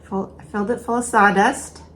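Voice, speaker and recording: Expressive, laughing woman co-host. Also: mid-range voice, slight background noise. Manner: expressive, quick to laugh and exclaim. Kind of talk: casual chat.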